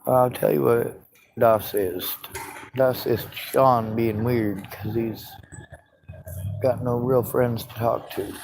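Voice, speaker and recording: A man's voice: mid-range voice, steady tone, takes it slowly, creaky, noisy background. A man doing a goofy mock German voice in a silly, self-mocking ramble.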